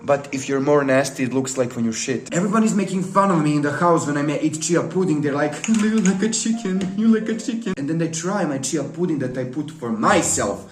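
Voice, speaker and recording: Guy rambling thru a messy cooking vlog at home, kinda high voice, jumpy and self-mocking, echoey room. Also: animated, fairly quick, few pauses. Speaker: YouTube host. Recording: echoey room with faint music.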